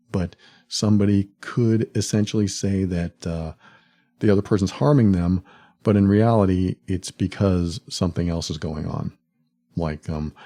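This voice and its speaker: A man hosting a solo podcast, speaking reflectively and acting out quoted lines with sudden jumps in pitch. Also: mellow. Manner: laughs at the absurdity. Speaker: podcast host.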